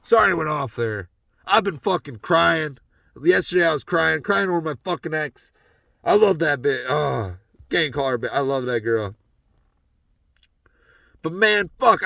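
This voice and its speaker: A man in his thirties sitting in his pickup truck, ranting profanely in a monologue that swings from shouting to quiet reflection. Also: on the high side, lively intonation, normal speed, vocal fry, pauses often, dry recording. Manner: swearing, often shouting, then quiet and reflective. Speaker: podcast host.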